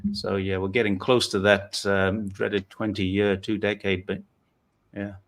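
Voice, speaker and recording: A man's voice: fairly low pitch, level tone, unhurried. A man from northeast England hosting a casual chat, rambling and self-deprecating as he tells his story. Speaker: host.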